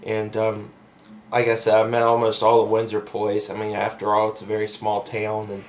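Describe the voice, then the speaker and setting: A man's voice: fairly low pitch, monotone, normal speed, a little hiss or hum. A young man telling a story in a casual vlog, rambling with lots of fillers and asides, recorded on a camera mic. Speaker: vlogger.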